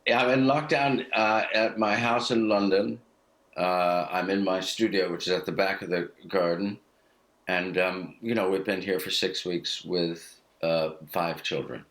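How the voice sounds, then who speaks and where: An American man chatting casually from a home studio over a video call, halting and repeating words and chuckling often. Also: low voice, steady tone, fairly bright tone. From United States. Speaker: guest actor. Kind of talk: casual chat.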